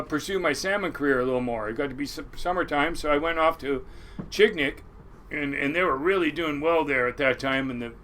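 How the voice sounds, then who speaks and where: Here a sixty-something crab boat captain tells his life story to an interviewer with salty, lively energy, impersonating those he quotes. The pitch sits fairly high, and there's a slight hiss or hum in the recording.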